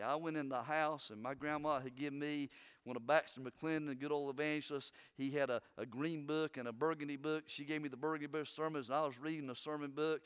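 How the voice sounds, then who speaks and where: A man preaching a sermon, swinging between loud urging and hushed, earnest talk. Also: fairly high pitch, clear, resonant tone.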